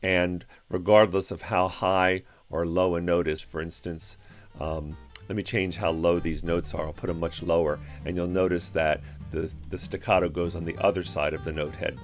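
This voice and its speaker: A man calmly walking through a music notation software tutorial step by step, with a few fillers. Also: sits low, normal speed. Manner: calm, step-by-step explaining with fillers. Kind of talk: screen-recorded tutorial.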